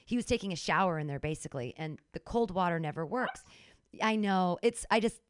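A woman's voice: lowish voice, animated, a little fast, clean tone, no room sound, studio quality. A woman telling an emotional story in casual podcast chat, dramatic and full of restarts.

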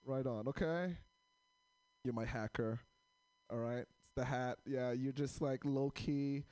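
A man's voice: medium pitch, steady tone, a little slow, dark tone, dry recording. A man doing stand-up comedy with crowd work, rambling and self-deprecating as he stops and starts over his fillers.

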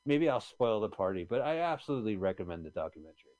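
A man's voice: lowish voice, sing-song, fast, a little mellow. A man co-hosting a casual podcast chat, animatedly retelling a film and swearing casually. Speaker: podcast co-host.

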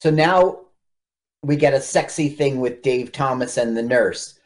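A man's voice: mid-range voice, a little slow. A man co-hosting a casual radio podcast, recapping a movie's plot and acting out its lines. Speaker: podcast co-host. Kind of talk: casual film-review chat.

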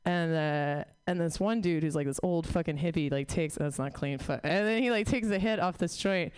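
A woman's voice: deep voice, normal speed, a little mellow, clean tone. A woman in her thirties doing a rambling, profane, self-deprecating stand-up set on stage. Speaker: stand-up comic. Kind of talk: stand-up set, casual riffing.

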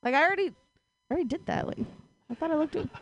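High-voiced woman doing deadpan stand-up. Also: fast. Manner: deadpan, self-deprecating, laughs between jokes. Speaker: stand-up comedian. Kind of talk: stand-up set.

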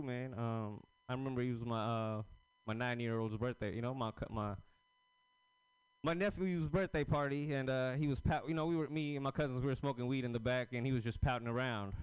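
Smooth-voiced man telling stand-up stories. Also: mid-range voice, a little fast, dry recording, low-quality recording. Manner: loose, rambling storytelling with crude jokes. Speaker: stand-up comedian. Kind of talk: stand-up set at an open mic.

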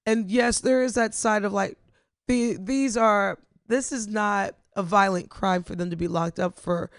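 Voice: mid-range voice, fairly even intonation, measured pace, clear, resonant tone, no room sound, clean studio sound. A podcast co-host chatting casually, rambling with lots of fillers and restarts. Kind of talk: casual chat.

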